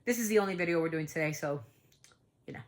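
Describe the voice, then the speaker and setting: A middle-aged woman who is a parent hosts a casual vlog, speaking to the camera and addressing other parents. She talks fast in a lowish voice, earnest and emphatic, and often repeats herself.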